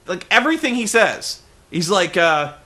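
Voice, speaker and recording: Sarcastic man, bright and forceful. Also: high voice, big pitch swings, moderate pace. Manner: sarcastic, exasperated. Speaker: reviewer. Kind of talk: comedic recap.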